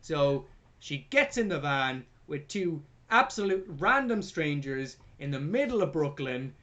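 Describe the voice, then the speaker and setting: A man's voice: fairly high pitch, big pitch swings, unhurried, sharp tone. A man co-hosting a film review podcast, recapping the plot in casual, sarcastic, sweary chat.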